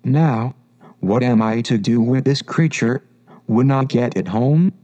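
A man's voice: medium pitch, unhurried, dark tone, muffled recording, lightly acted. A man voicing a curious, polite young girl in a storybook reading, earnest and a little indignant.

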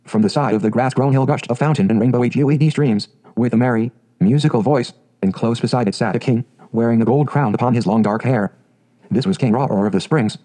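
A man narrating a fairy tale audiobook in a steady, measured way. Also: medium pitch, poor audio.

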